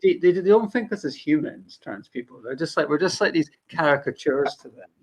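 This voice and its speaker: A woman's voice: low-pitched, lively intonation, brisk, breathy edge. A woman with a Scottish accent, chatting casually and animatedly on a podcast, with lots of fillers. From Scotland.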